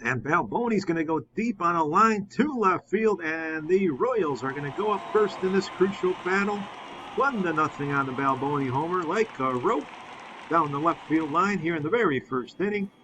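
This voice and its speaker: Excitable baseball play-by-play man. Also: on the high side, normal speed, background noise. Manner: excited calls on big hits, chatty recap. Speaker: play-by-play commentator of a simulated game.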